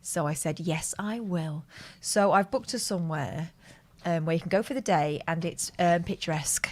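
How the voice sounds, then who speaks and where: A woman's voice: fairly low pitch, a little fast, a little mellow. A woman, co-hosting a casual chat and telling family stories in a matter-of-fact way. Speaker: co-host.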